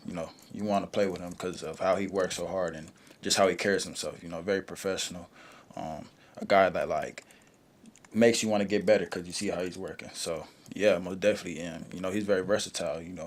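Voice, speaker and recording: A young man, a college football player, answering press conference questions in a relaxed way, full of "you know" and "um". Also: low-pitched. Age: young adult.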